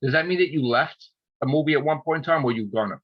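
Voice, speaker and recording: A man's voice: fairly high pitch, fast talker, slightly rough, muffled recording. A man in casual chat, ranting with heavy profanity. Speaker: podcast host.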